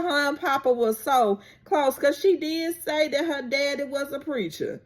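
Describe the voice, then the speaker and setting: A woman vlogger chatting through a casual, animated recap of a TV episode. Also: high-pitched. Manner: chatty, animated, drawn-out storytelling.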